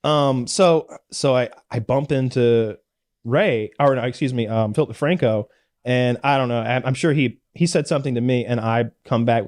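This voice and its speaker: A man from Georgia in the US, a podcast guest telling lively, profane stories in casual chat. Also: mid-range voice, normal speed. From Georgia, USA.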